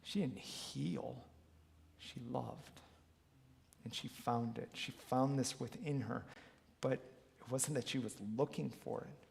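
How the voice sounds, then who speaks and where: Gravelly-voiced man telling coaching stories. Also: medium pitch, slow pace, long pauses. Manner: earnest, animated storyteller who acts out quotes. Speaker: wellness coach leading a workshop. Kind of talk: motivational storytelling talk. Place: large hall, live talk. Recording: long reverb of a hall.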